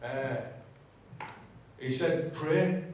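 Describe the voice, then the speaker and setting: A man's voice: fairly high pitch, very slow, darkish tone, a little hiss or hum. A man giving a candid, conversational personal testimony with humour in a large church hall. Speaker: guest speaker giving testimony. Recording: very echoey hall, distant mic.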